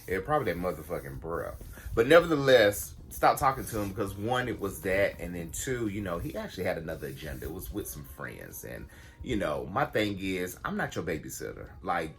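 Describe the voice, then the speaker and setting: In a casual vlog, a low-voiced man tells his viewers a story. He's blunt and animated, swears freely, and addresses his audience as "y'all."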